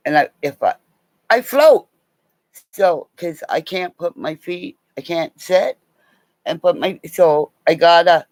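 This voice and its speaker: Rambling, lively-voiced storyteller woman. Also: low voice, no echo. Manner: meandering, laughs often, swears casually.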